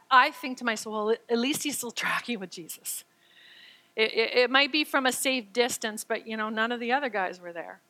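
A woman preaching a sermon, reading scripture aloud and explaining it in an expressive way, acting out the quoted lines and stammering at times when excited. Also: a little high, low-quality recording.

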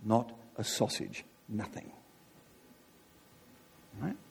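A man preaching a sermon in an animated way, often asking his listeners "right?". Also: fairly low pitch, drawn-out words, vocal fry, husky. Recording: long reverb of a large hall.

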